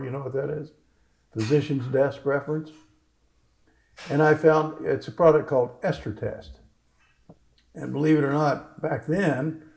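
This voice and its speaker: Indoors at a fitness gym, a doctor tells a story at a live talk, acting out the lines of the people in it. His mid-range voice is gravelly and dark, and the recording is rough.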